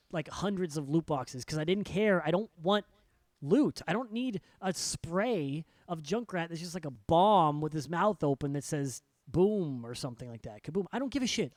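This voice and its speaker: A man's voice: a little high, a little mellow, no echo. A young man co-hosting a podcast, ranting with exasperation and heavy swearing. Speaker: podcast co-host. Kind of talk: casual podcast rant. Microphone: studio podcast mic.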